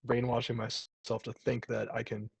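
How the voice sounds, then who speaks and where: A man's voice: medium pitch, completely flat delivery, moderate pace, creaky, breathy edge, no room sound. A man, a jiu-jitsu brown belt, chatting casually over a video call, rambling with lots of fillers and restarts.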